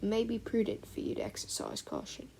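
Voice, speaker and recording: A woman's voice: fairly high pitch, wildly swooping pitch, brisk, creaky, dark tone, slight background noise, heavily acted. A woman voicing a stern older female teacher with a reedy Scottish accent, precise and formal. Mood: formal, measured.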